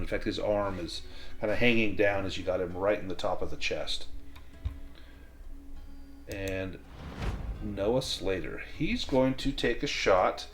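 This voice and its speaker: A man as game master of a tabletop western game, calmly explaining the rules step by step. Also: on the low side.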